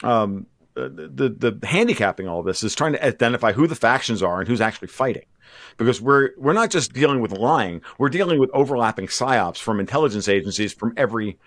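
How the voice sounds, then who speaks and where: A man's voice: medium pitch, lively intonation, a little fast, fairly bright tone, no echo. A man who is a guest on a podcast, giving assertive, explanatory answers and listing his points one after another. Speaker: podcast guest, markets commentator. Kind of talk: conversational interview answers.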